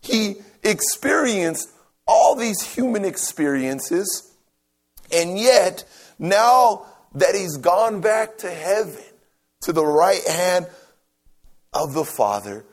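A man preaching a sermon, emphatic and repetitive, dropping to soft near-whispers on key phrases. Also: high voice, lively intonation, slow.

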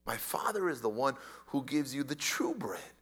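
A man's voice: medium pitch, very animated, normal speed, husky, voice pushed down, full character voice. A man voicing an earnest teacher figure. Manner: earnest, emphatic, at times hushed. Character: Jesus, calm authoritative teacher.

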